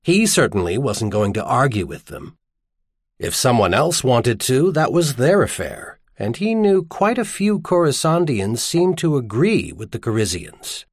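A man narrating a novel as an audiobook in an expressive storytelling manner. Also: medium pitch, unhurried, no room sound, studio quality. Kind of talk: scripted narration.

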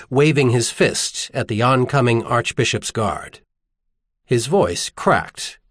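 A man narrating a novel as an audiobook in an expressive storytelling manner. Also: medium pitch, dry recording, studio quality. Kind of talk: scripted narration.

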